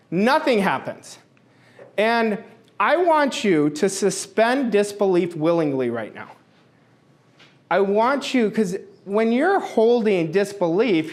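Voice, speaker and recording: A middle-aged man giving an emphatic motivational talk as a coach, repeating his key phrases for force. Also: sits high.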